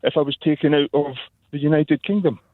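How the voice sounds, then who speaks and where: A man's voice: fairly high pitch, fairly even intonation, a little fast, dry recording. A man with a Scottish accent calling into a radio phone-in, earnest and repeating words as he builds his points. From Scotland. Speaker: caller. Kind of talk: phone-in call. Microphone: telephone. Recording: tinny phone line.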